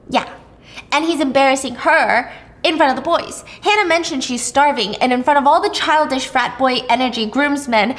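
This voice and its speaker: Chatty, animated woman with a higher voice. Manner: animated and chatty, with frequent asides and swearing. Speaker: storyteller host. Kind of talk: casual storytime recap of a thriller.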